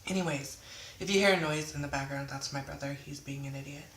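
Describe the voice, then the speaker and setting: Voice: mid-range voice, quick pace, a bit bright, a little hiss or hum. A young adult in their twenties telling a storytime vlog in a rambling, casual way, often swearing and then apologizing. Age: 20s. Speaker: vlogger. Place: indoors at home. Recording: echoey room.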